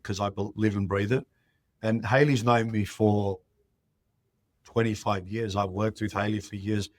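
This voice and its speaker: A man who is a real estate CEO, appearing as an interview guest, tells animated stories and acts out the dialogue in them. His voice is on the low side, and the recording is dry.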